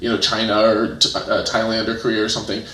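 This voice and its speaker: A man's voice: on the low side, quick pace, a little hiss or hum. A man, a guest in a casual interview, telling stories with lots of fillers and restarts. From United States. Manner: animated storytelling, many restarts and fillers. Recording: roomy echo.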